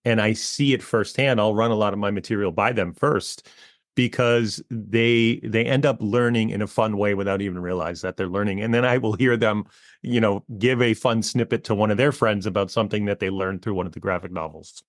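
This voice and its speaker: A man's voice: fairly low pitch, fairly quick, no room sound, studio quality. A man in his forties, a comic author being interviewed, talking casually and loosely with many fillers. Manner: relaxed, rambling, with many fillers. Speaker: guest, educational comic author. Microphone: close podcast mic.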